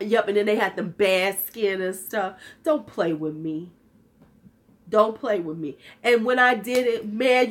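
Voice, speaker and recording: Sassy woman in her fifties. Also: medium pitch. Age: 50s. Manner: sassy, candid, joking. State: slightly worn-out voice. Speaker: vlogger. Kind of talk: casual livestream chat.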